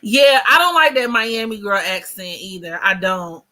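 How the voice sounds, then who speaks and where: A woman's voice: mid-range voice, animated, normal speed, sharp tone. An American woman in her thirties hosting a casual livestream chat, blunt, slangy and joking as she talks. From United States. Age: 30s. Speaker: host.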